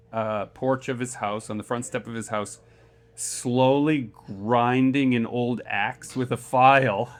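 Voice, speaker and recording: A man's voice: medium pitch, a bit bright. A man hosting a live convention panel, talking in a musing, story-driven way with rhetorical questions into a panel microphone. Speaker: podcast host moderating a convention panel. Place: convention panel room before an audience.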